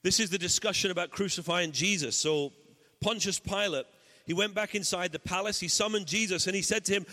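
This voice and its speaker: A man in his forties preaching to his congregation in a church hall with a long, ringing reverb. His voice sits a little higher than most men's, and he lifts it further when he reads scripture dialogue aloud. Between passages he drops into playful, self-mocking asides. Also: a little fast. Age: 40s. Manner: animated, raising pitch when reading Bible dialogue. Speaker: pastor. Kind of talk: sermon.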